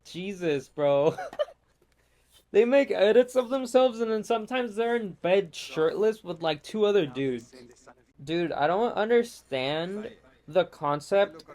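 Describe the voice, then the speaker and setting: A man with a fairly high voice rants over gameplay in loose, profane, exasperated bursts. He rambles from one gripe to the next in a casual, unscripted way, like a host talking to his channel. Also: lively intonation, slow, darkish tone.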